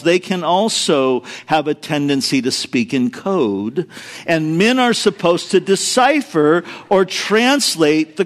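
High-voiced man preaching with humor. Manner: animated storytelling, acts out quoted voices, addresses the congregation directly. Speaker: pastor. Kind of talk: sermon with humorous stories.

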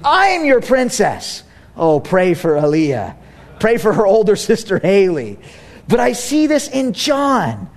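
A male pastor in his thirties preaches in a church, mixing family stories and jokes with direct appeals to his listeners. His voice is unusually high for a man and swings widely in pitch as he builds each point. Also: unhurried. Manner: animated, humorous storytelling, direct to congregation. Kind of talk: sermon.

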